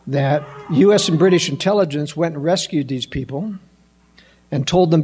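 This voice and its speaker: A man's voice: on the high side, a little mellow, husky. An older man giving an emphatic monologue to an audience, firing off incredulous rhetorical questions. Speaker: political commentator.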